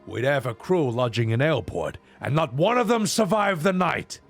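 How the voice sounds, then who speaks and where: A man's voice: a little high, expressive, normal speed, gravelly, soft background music. A man voicing a greedy, gloating male slaver captain in a game dub. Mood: suspicious. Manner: gloating and taunting.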